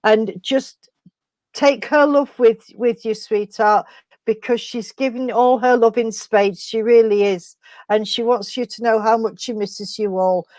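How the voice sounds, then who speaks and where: A woman medium gives an emotional reading at a service, her fairly high voice tender and halting. She keeps breaking off and restarting, and she often calls the listener sweetheart and darling. The sound is dry and close, with no room echo. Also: fairly even intonation, a little mellow. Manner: halting, tender, full of endearments. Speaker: spiritualist medium.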